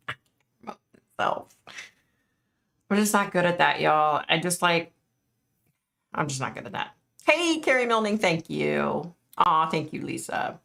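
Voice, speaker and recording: A woman's voice: deep voice, gravelly, fairly bright tone. A middle-aged woman, a psychic medium, hosting a casual live stream and chatting frankly with her viewers, full of "like" and "you know".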